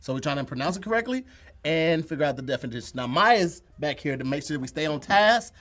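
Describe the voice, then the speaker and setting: A man's voice: fairly high pitch, lively intonation, fairly quick, fairly bright tone. A man hosting a casual comedic word game, tired and teasing, laughing often. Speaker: host.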